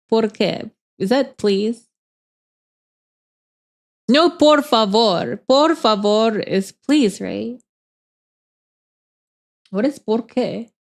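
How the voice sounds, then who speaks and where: A woman's voice: a little high, vocal fry. A woman streamer in casual chat, rambling and chatty, laughing often with lots of filler words.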